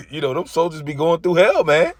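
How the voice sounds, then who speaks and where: A man's voice: a little high, no room sound. A man giving an intense, casual religious rant, often stumbling and repeating himself. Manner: intense, repetitive, stumbling over words.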